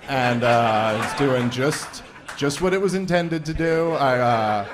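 A man's voice: medium pitch, expressive, takes it slowly, background noise. A man doing a stand-up comedy set on a live event stage, sarcastic and rambling, often laughing at his own jokes. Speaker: stand-up comic opening an event.

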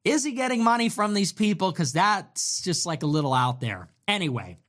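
A man's voice: sits high, sing-song, moderate pace, fairly bright tone. A man giving an impassioned, exasperated political commentary monologue, mocking the people he quotes.

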